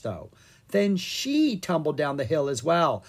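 A reader narrating a children's storybook in an animated, playful way, reading the sound effects aloud. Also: medium pitch, unhurried, husky. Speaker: audiobook reader.

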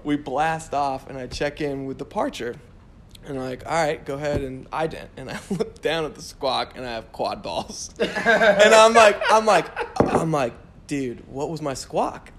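A flight instructor chatting casually, an animated storyteller who laughs often and keeps saying dude. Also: male voice, medium pitch, normal speed, background noise.

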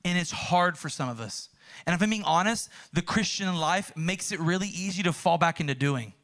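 A young man preaching a sermon, earnest and animated, acting out quotes as he tells stories. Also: high-pitched, moderate pace. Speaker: pastor.

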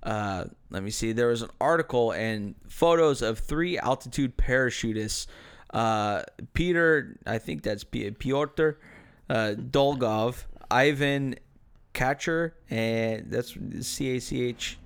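A man's voice: mid-range voice, takes it slowly, smooth. A young American man co-hosting a podcast in casual chat, rambling and profane, with many hesitant fillers. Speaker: podcast co-host.

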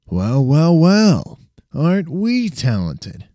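A man's voice: mid-range voice, big pitch swings, measured pace, warm tone, no echo, clean studio sound, pitched above the performer's own voice. A man putting on a sarcastic teasing young guy. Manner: teasing, mocking drawl. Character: sarcastic, playful young male roommate.

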